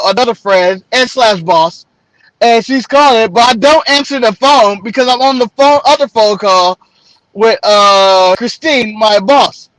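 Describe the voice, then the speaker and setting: A man with a strikingly high voice tells a rambling story on a podcast. He acts out every phone call in little quoted voices and laughs often. His voice is close and dry, with no room sound. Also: fairly bright tone, dry recording. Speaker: podcast co-host. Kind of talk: casual storytelling chat.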